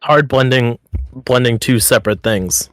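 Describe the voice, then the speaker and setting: A man's voice: mid-range voice, unhurried, a bit bright, dry recording. A man co-hosting a podcast in a casual chat, talking in loose rambling runs full of 'like'. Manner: rambling, upbeat, heavy use of 'like'. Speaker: podcast co-host.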